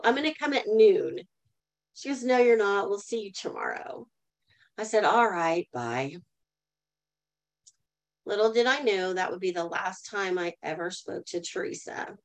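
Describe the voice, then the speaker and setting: A woman's voice: lowish voice, rough recording. A middle-aged woman telling a personal story as a guest in a live online talk, earnestly, and asking the audience to answer in the chat. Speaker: guest speaker.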